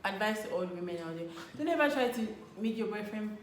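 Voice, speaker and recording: A young woman casually telling a story about her partner, animated, laughing often and acting out what was said. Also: mid-range voice, brisk. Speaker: co-host of a couples channel. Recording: echoey room with faint hum.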